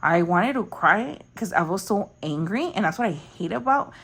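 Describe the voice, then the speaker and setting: A woman's voice: medium pitch, expressive, moderate pace, fairly bright tone, breathy edge. A young woman telling a story in casual, rambling chat, full of fillers. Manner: chatty, rambling, lots of fillers. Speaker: budgeting vlogger.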